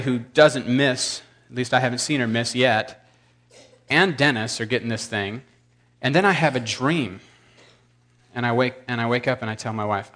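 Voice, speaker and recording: A man's voice: medium pitch, pushed and bright. A man in his thirties telling a rambling, self-deprecating story to a congregation. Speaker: preacher.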